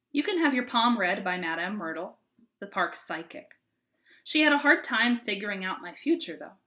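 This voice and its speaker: Bright-voiced woman reading a novel aloud. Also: mid-range voice, expressive, moderate pace. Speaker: sixth-grade teacher.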